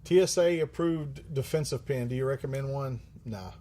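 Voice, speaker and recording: A man's voice: medium pitch, moderate pace, dark tone. A man hosting a livestream who answers viewer questions in a rambling, joking way, swearing often and using many fillers. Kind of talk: casual live-stream chat.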